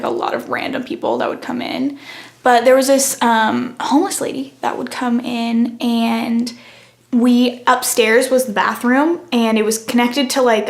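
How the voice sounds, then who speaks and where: A young woman co-hosting a student podcast, telling a long story in a casual chatty way with many fillers. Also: fairly high pitch. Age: young adult. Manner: rambling storytelling with frequent fillers. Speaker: podcast co-host. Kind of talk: casual chat. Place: campus studio.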